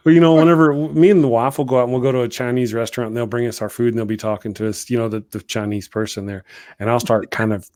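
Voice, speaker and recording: A man's voice: mid-range voice, fairly even intonation, fast talker, darkish tone, no echo, clean studio sound. Jovial chuckling man in casual chat.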